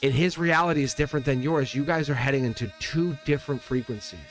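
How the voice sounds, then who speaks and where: A man's voice: medium pitch, fast, faint music behind. A man giving a live tarot reading to viewers, talking in an earnest, rambling way, repeating phrases and correcting himself mid-sentence. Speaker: tarot reader.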